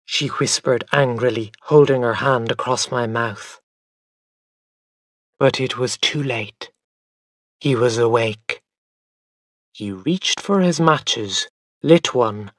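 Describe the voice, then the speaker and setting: A man narrating a graded-reader story at an unhurried pace, his pitch rising and falling in an animated way. The recording is dry and close, with no room sound. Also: dry recording. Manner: slow, carefully enunciated reading with lively intonation. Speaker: audiobook narrator. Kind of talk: scripted story narration for English learners.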